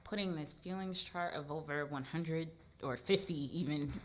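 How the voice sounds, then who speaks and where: A woman in her thirties, a social worker and guest, talking in a casual, animated conversation with emphatic storytelling. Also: low voice, normal speed, a little hiss or hum.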